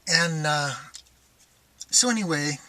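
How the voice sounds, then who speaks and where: A man's voice: on the high side, takes it slowly, bright, forceful tone, no room sound. A man talking casually in a personal vlog, rambling and thinking aloud with many stops and restarts. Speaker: vlogger.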